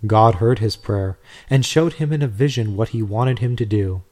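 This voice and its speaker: A man reading a devotional story aloud in a measured, steady way. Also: lowish voice. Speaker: narrator.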